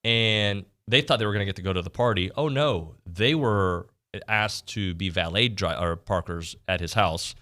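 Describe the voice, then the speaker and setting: A man's voice: deep voice, moderate pace, hardly any pauses, pushed and bright. A man hosting a sports radio show, chatting casually about college football and often restarting his sentences. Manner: conversational, trails off and restarts.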